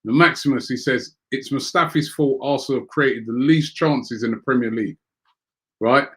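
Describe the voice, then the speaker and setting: A man hosting a live football fan show, calmly prompting his guest and reading out viewer comments. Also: medium pitch, normal speed. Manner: reads viewer comments aloud, calm interjections. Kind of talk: live-stream football chat.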